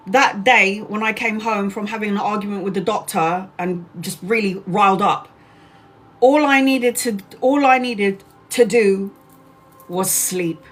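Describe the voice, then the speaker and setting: A woman tells a story to her livestream audience in a casual, animated way. She swears freely and often says the same thing twice. Faint music plays under her voice. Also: mid-range voice. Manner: animated, swears freely, repeats herself, quick and expressive. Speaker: tarot reader and live streamer.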